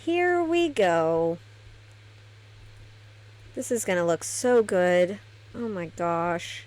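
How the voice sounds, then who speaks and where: A woman's voice: lowish voice, expressive, drawn-out words, a little mellow. A woman giving casual gameplay commentary, chatty and thinking aloud as she decorates a virtual house. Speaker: gameplay streamer.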